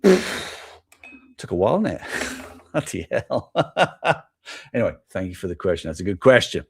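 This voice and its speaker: A man's voice: deep voice, sing-song, normal speed, husky. A middle-aged man with an English accent, hosting a toy show in a loose, rambling live chat, thinking aloud and amused at himself. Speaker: toy podcast host. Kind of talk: casual live-stream chat.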